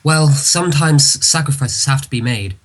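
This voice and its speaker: A man reading a regal female pony princess from a comic aloud, in a halting way. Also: a little high, close to an everyday voice. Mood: earnest. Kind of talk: casual comic read-along.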